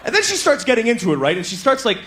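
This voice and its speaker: A middle-aged man performs stand-up comedy, his voice set fairly high and swinging wildly in pitch as he acts out voices and moans. A faint hiss of background noise sits under the recording. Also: racing. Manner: animated storytelling, acting out voices and moans.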